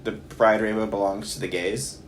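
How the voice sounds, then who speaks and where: Low-voiced laid-back podcast man. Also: little pitch movement, a little hiss or hum. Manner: laid-back, plays along with quick asides. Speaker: podcast co-host. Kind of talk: casual comedic chat.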